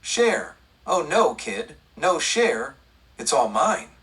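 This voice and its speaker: A man voicing a cold, menacing male outlaw gunman in an audiobook western, speaking slowly and deliberately. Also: on the high side, big pitch swings, fairly bright tone, breathy edge, recorded from a distance, heavily acted. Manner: slow, deliberate, icy.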